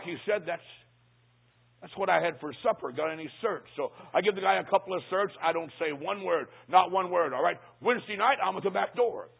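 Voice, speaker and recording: A man preaching, telling a humorous story and acting out the dialogue in hushed, lower voices. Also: vocal fry, breathy edge. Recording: tinny phone-like sound.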